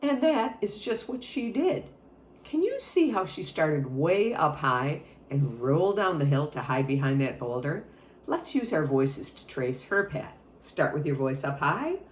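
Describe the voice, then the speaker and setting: A woman music teacher tells a story to children, playful and engaging. Her pitch rises and falls animatedly, and the room echoes around her voice. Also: a little slow, a little hiss or hum. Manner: expressive and playful, addresses listeners.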